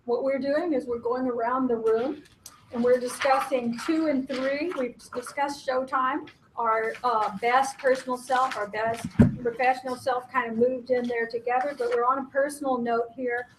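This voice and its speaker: A woman's voice: sits high, fairly even intonation, normal speed, background noise. A woman facilitating a conference workshop, speaking candidly and with self-deprecating humor, laughing often.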